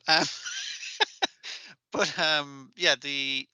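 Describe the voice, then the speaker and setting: A man co-hosting a podcast, animated and swearing freely as he acts out what he saw. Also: on the high side, a little fast, no echo. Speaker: podcast co-host. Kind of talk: casual chat.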